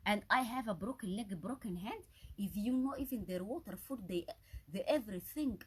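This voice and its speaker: A woman talking alone to camera in a husky, slightly breathy voice. She sounds agitated and accusatory, breaking off mid-phrase and repeating words with rising emphasis. Her pitch sits in the middle range for a woman. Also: expressive, normal speed. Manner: agitated and accusatory, with frequent restarts and repetitions. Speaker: vlogger. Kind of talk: unscripted solo monologue.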